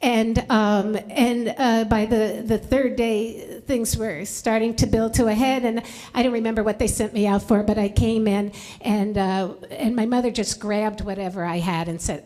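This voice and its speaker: A woman's voice: fairly high pitch, fairly even intonation, measured pace, warm tone. Chatty woman in her fifties telling a story. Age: 50s. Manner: chatty, many fillers and restarts. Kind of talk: live personal storytelling. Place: library event before an audience.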